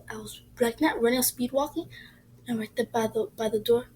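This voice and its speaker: A woman's voice: fairly high pitch, sing-song, a little fast, darkish tone, slightly rough, rough recording. A woman telling a ghost story in a casual, rambling way, often dropping to a whisper.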